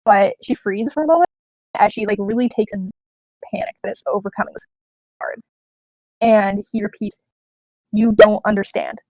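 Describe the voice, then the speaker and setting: A woman narrating as game master of a tabletop game, relaxed and rambling with many fillers. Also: medium pitch, moderate pace, pauses often, dry recording.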